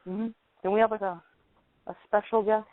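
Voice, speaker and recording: A man co-hosting a casual wrestling radio show, eager and quick to rattle off names. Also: sits high, flat delivery, no echo. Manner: quick, eager, listing names off the top of his head. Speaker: podcast co-host. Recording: tinny phone-line audio, dry.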